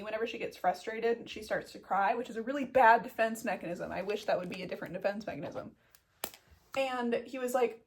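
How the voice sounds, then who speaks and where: A young woman telling a story as a vet student in a casual vlog, blunt, self-mocking and full of swearing. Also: a little high. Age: young adult.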